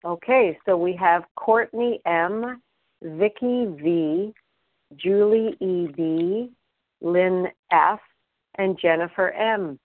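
A woman chairing a meeting, calmly calling on speakers by name in turn. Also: lowish voice, slow, no echo. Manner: orderly, reads out names. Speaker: meeting leader. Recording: tinny phone line.

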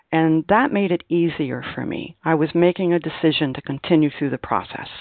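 A woman's voice: low voice, dry recording. A woman leading a recovery meeting, speaking emphatically and expressively, her voice rising on key words. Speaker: meeting leader. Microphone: phone line. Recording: tinny phone line.

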